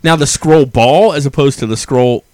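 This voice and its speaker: A man's voice: medium pitch, normal speed, darkish tone, dry recording. A man hosting a casual podcast chat, opinionated and ranting, laughing often. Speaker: podcast host.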